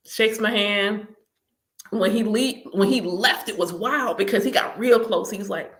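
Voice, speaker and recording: On her own channel, this woman shares personal stories in a relaxed way, laughing a lot and acting out her reactions. She talks at a normal speed with a medium-pitched, slightly bright voice.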